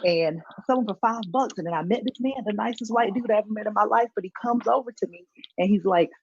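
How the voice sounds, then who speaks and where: A woman doing stand-up, telling animated stories and acting out the people in them. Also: mid-range voice, fast talker, a little hiss or hum. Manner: animated, acts out characters in her stories. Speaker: stand-up comic. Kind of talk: stand-up storytelling. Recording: dull lo-fi stream audio.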